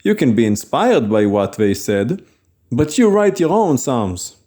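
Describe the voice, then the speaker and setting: Man, informal sermon, earnest, conversational, warm tone. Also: mid-range voice, big pitch swings, unhurried. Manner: earnest, conversational, plain-spoken. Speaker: preacher.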